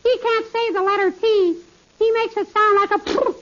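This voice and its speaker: A woman's voice: very high voice, steady tone, normal speed. A woman voicing a cheeky young boy in 1940s radio comedy style. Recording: hissy muffled old radio broadcast.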